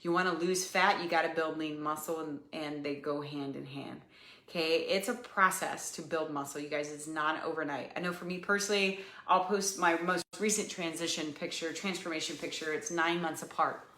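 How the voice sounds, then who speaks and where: A woman's voice: low voice, fairly even intonation, moderate pace, sharp tone, reverberant. A woman hosting a fitness podcast, coaching listeners in a casual, chatty way with lots of ums and "you guys.".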